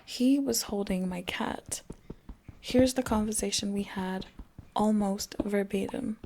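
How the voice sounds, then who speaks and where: Female channel host reading stories over a game, slow delivery, creaky low edges, chatty with soft hushed stretches. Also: slight background noise. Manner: chatty, laughs between lines, drops into soft whispered passages. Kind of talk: reading online stories aloud over gameplay.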